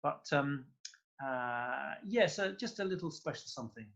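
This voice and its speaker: A man's voice: fairly high pitch, expressive, normal speed, vocal fry, a bit bright, lo-fi sound. A man chatting as a guest conductor in an interview, effusive and rambling, with lots of fillers. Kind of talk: casual interview chat.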